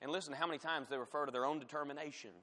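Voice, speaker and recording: A man preaching in a church sanctuary, his slightly raised voice swelling as he reads scripture and falling to quiet, direct asides. The sound rings with a long hall reverb. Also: a little high, fairly even intonation, rapid-fire. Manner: emphatic preaching, rising loud on scripture, dropping to quiet asides. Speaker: pastor. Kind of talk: sermon.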